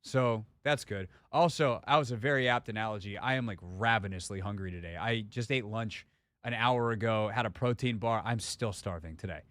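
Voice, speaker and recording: A man's voice: lowish voice, moderate pace, fairly bright tone, dry recording, studio quality. A man hosting a sports radio show, talking in a loose, rambling, joking way. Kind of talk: casual talk radio banter. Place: radio studio.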